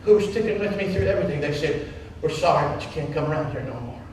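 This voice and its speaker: Man, pastor, from Wyoming, impassioned sermon, voice booming around a big room, faint hiss behind. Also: lively intonation, fast talker, a little mellow. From Wyoming, United States. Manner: impassioned storytelling, acting out others' words. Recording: echoey hall from far off.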